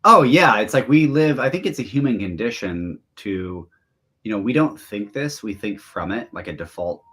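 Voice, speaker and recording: Husky low-voiced man coach, animated. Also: moderate pace. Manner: animated, candid, bursts of emphasis. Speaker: relationship coach, guest. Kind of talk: candid interview talk.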